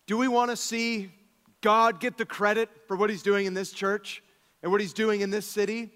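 A man in his thirties, a pastor preaching a sermon, telling stories with animated swings from soft asides to exclamations. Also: sits high, normal speed, big-room sound.

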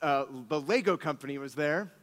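A man in his thirties, a pastor preaching a sermon, telling stories with animated swings from soft asides to exclamations. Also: fairly high pitch, normal speed, big-room sound.

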